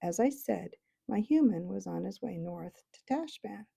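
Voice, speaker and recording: A woman's voice: mid-range voice, expressive, a little slow, gravelly, mellow, slightly rough, exaggerated voice. Fields: Woman doing a proud talking warhorse, storybook. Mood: confiding. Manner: haughty, lecturing. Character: proud talking male warhorse, brisk and bossy.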